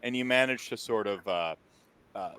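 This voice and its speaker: A man's voice: on the low side, moderate pace, fairly bright tone, clean tone. A man acting as game master, narrating a tabletop game in a loose, rambling way with many fillers and restarts.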